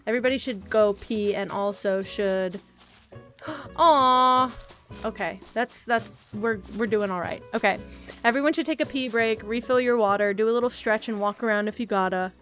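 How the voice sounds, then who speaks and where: Streamer, woman, slightly high voice, teary and self-mocking, casual rambling chat, faint game music underneath. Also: fairly bright tone. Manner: rambling, self-deprecating, quick to laugh. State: teary, emotional.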